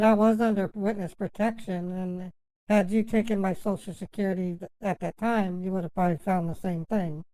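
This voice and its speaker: A woman on a phone call, rambling through a long story and halting often, stammering and restarting her sentences with many fillers. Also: medium pitch, darkish tone, dry recording. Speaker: scambaiter posing as a victim.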